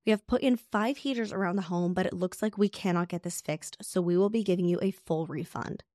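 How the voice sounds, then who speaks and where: A woman reading the lines of a calm, patient male rental host who explains things evenly. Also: on the low side, brisk, no echo, studio quality, natural voice.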